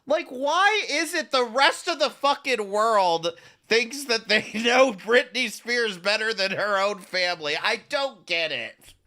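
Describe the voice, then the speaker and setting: A man's voice: high-pitched, lively intonation, measured pace, bright, forceful tone. A man hosting a reaction commentary, incredulous and sarcastic, with frequent swearing. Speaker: commentary host.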